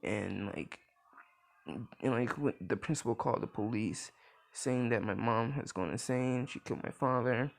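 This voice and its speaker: A man's voice: mid-range voice, measured pace, creaky. A young man improvising a fan story in casual chat, rambling with lots of fillers and restarts.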